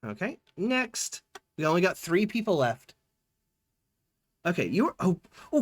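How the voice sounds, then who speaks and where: A man streaming a text strategy game live, reading its text aloud with playful, quick reactions. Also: high voice, sing-song.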